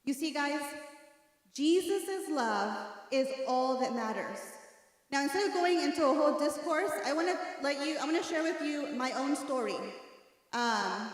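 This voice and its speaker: A religious sister speaking earnestly to young people at a congress, addressing them directly. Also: female voice, high-pitched, expressive, a little slow. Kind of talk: inspirational talk to young people. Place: large hall at a youth congress. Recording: echoey hall, voice from far off.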